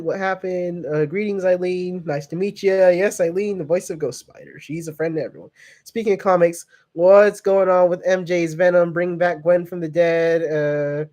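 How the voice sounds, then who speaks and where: A man's voice: sits high, darkish tone. A young man hosting a casual livestream, reading viewer comments and chatting in a rambling, joking way with tangents. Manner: rambling, jokey, trails off into tangents. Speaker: livestream host.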